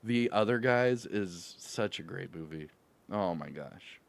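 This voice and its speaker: Slow, creaky, and expressive, his low voice carries a gaming livestream from Louisville, Kentucky. He greets chat in a slangy, upbeat manner, laughs frequently, and keeps the conversation with viewers casual.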